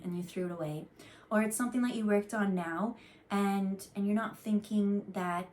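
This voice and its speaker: A woman's voice: medium pitch, fairly even intonation, fairly quick, a little mellow, slight background noise. Chatty woman giving an intuitive card reading. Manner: chatty, rambling, earnest with frequent fillers and restarts. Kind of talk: casual channeled tarot reading.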